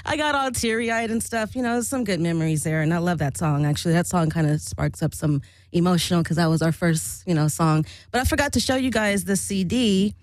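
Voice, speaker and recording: Woman rambling to her camera, lowish voice, swears and laughs a lot, dry close sound. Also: fairly quick, few pauses, a little mellow, no room sound. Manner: rambling, frank and profane, laughs often. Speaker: vlogger recalling her old band. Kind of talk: casual chat to camera.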